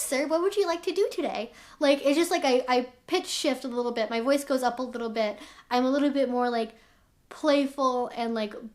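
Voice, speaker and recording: Speaking on the high side with a fairly bright tone, a young woman vlogs straight to camera as an educator. She's candid in explaining herself and sprinkles in plenty of "like."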